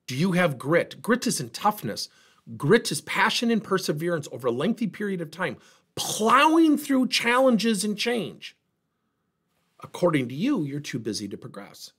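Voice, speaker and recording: Middle-aged guy trainer, husky voice, pitch jumping all over as he tells a work story. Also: moderate pace. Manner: animated storyteller, plays out dialogue. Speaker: workplace trainer and speaker. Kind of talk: motivational talk.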